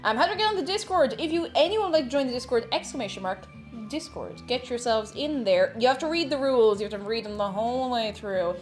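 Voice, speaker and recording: Giggly, lively woman streamer. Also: a little high, fast, soft background music. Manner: giggly, chatty, reads out chat messages. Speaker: cooking streamer. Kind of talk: casual chat while cooking.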